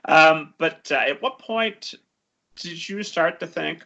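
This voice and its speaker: A man hosting an interview, asking halting, chuckling questions with fillers. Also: a little high, gravelly, pushed and bright. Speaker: podcast host. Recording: lo-fi muffled audio.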